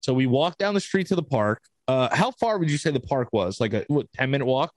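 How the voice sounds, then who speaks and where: A man's voice: medium pitch, animated, fairly quick, no room sound. A man in his twenties, co-hosting a podcast, telling a family story in a casual, rambling way and acting out the quotes. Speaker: podcast co-host.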